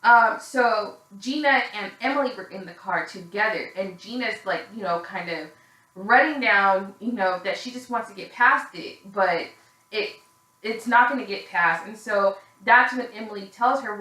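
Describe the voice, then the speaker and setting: A woman delivers a casual, opinionated recap, candid and gossipy, cursing without hesitation and leaning on fillers. Her voice is bright and forward, and it rings off the hard walls of an echoey room. She sounds a little worn out. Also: mid-range voice, moderate pace. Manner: candid and gossipy, swears freely, frequent fillers. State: tired. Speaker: reality TV recap reviewer.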